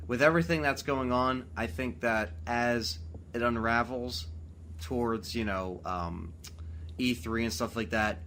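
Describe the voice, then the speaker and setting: A man hosting a late-night gaming podcast, excitable and swearing freely, tired at four in the morning. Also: mid-range voice, a little hiss or hum. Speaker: podcast host.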